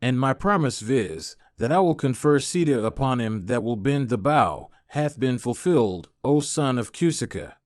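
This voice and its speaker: A man's voice: mid-range voice, expressive, moderate pace, few pauses, no room sound, studio quality, close to an everyday voice. A man reading as a courtly, grateful king. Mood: courteous. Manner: formal, archaic, courteous speech. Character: grateful, courtly old king, formal and humble.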